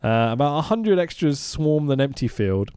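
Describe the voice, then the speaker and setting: A man's voice: fairly high pitch, very animated, normal speed, warm tone, smooth, no echo, studio quality. A man co-hosting a podcast, recapping a film in casual chat, swearing freely, laughing often and mimicking the characters. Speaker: podcast co-host.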